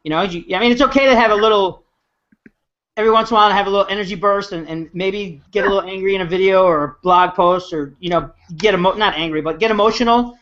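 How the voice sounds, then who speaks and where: A man's voice: high voice, fast, a bit bright. A man hosting a casual group video chat, agreeable and encouraging toward his co-hosts. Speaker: host. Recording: dull lo-fi video call audio.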